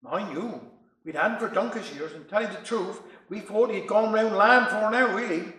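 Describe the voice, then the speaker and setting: A man's voice: high voice, moderate pace, pushed and bright, recorded from a distance. A man voicing a chatty, flustered older Cornish housewife, rambling in broad dialect. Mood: gossipy. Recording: roomy echo.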